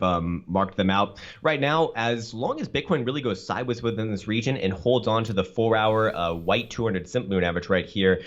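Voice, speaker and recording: A man walking through chart analysis on a call as a guest, rapid and full of restarts, in dull lo-fi call audio. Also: on the low side.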